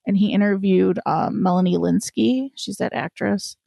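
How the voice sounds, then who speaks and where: A woman's voice: medium pitch, fairly even intonation, normal speed, vocal fry, warm tone, no room sound, studio quality. A woman co-hosting a podcast in casual chat, chatty, laughing often and drifting into asides. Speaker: podcast co-host.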